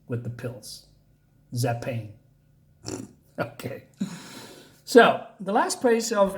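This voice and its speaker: A man's voice: medium pitch, fairly bright tone. A man whose first language is not English, reviewing a comic in casual, rambling speech full of fillers and frequent chuckles. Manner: rambling, hesitant, many fillers; chuckles often.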